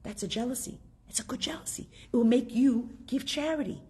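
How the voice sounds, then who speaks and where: A woman teaching a class, telling a story and asking her students questions in a lively way. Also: a little high, a little fast.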